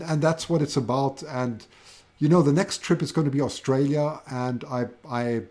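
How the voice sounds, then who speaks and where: A man with a German accent hosting a live stream, chatting enthusiastically to viewers with many halting restarts. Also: medium pitch, darkish tone. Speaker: host of a livestream. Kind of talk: casual live-stream chat.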